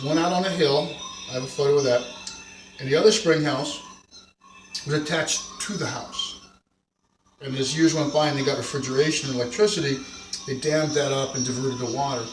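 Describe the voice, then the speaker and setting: A man's voice: medium pitch, recorded from a distance, noisy background. Man, middle-aged, North Jersey accent, rambling home-cooking vlog talk, roomy kitchen, mic set back, pots and dishes clattering. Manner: rambling, digressive storytelling. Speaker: home cook vlogger.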